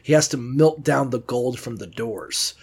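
A man's voice: medium pitch, a little slow, a little mellow, husky. A man co-hosting a podcast who retells scripture in a profane, joking, irreverent way. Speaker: podcast co-host. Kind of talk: casual chat.

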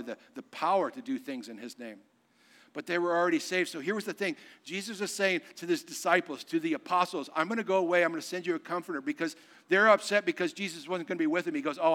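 A man preaching a sermon as pastor, swinging from hushed, intimate lines to loud, excited ones and acting out quoted lines in a casual voice. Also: on the high side.

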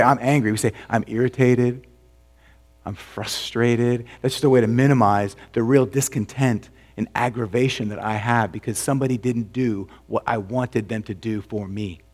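This is a pastor's sermon, delivered conversationally by a man who asks rhetorical questions and sinks into a quiet, low tone for emphasis.

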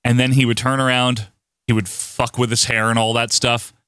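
Male co-host, bright tone, dry close sound, loose casual banter. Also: medium pitch, normal speed, smooth, no echo. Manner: relaxed, rambling banter, swears casually. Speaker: podcast co-host. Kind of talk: casual chat.

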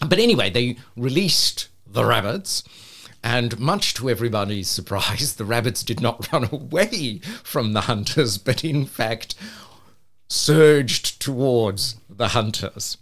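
A man's voice: medium pitch, animated, a little slow, a bit bright. A man co-hosting a casual chat, telling a story with wry asides. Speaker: podcast co-host.

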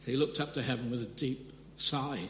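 Earnest preacher in an echoey hall. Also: male voice, medium pitch, fairly even intonation, moderate pace, a bit bright. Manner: earnest, with frequent restarts and sudden emphatic rises. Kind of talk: sermon. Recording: echoey hall with long reverb, faint hum.

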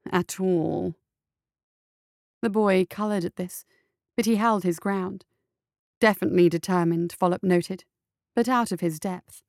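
A woman's voice: medium pitch, steady tone, normal speed, a little mellow, no echo. Woman reading a story, dry close sound. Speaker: narrator. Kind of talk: storybook narration.

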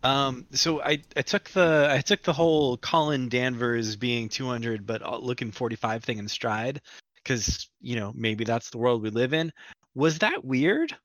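A man's voice: mid-range voice, measured pace, a bit bright, dry recording. A man playing a tabletop game, asking casual questions. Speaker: player.

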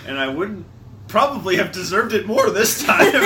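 A man's voice: very high-pitched, heavy background noise. A man co-hosting a podcast, joking around and laughing a lot. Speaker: podcast co-host. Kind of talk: casual podcast chat.

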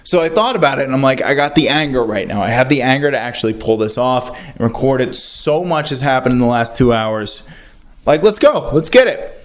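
A young man with a mid-range voice rambles on his own podcast, talking fairly quickly with hardly any pauses. Mocking himself in a casual solo rant, he speaks into a handheld voice recorder indoors at a friend's house.

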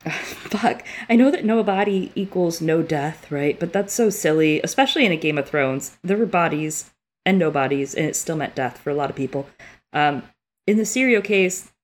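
Low-voiced woman reading and chatting. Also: animated, normal speed. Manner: emotional, swears freely, tearful while reading. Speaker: podcast co-host. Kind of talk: casual book-discussion podcast, reading aloud.

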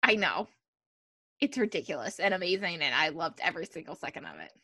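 A woman's voice: fairly low pitch, lively intonation, fairly quick, pushed and bright, no room sound, clean studio sound. A woman co-hosting a podcast, chatting casually and animatedly as she recaps a TV episode, with plenty of filler words. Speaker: podcast co-host.

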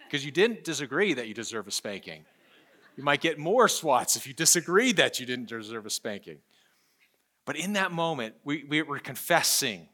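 Bright-voiced male pastor preaching. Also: medium pitch, big pitch swings, normal speed. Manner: earnest preaching with storytelling and repeated phrases. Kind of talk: sermon.

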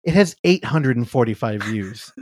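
Lively profane male podcast co-host. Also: medium pitch, moderate pace, husky, no echo, clean studio sound. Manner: animated, profane storytelling. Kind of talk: casual movie-review chat.

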